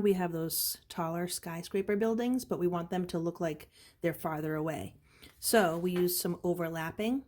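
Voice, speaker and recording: A woman teaching an art lesson on video, calmly explaining each step. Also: lowish voice.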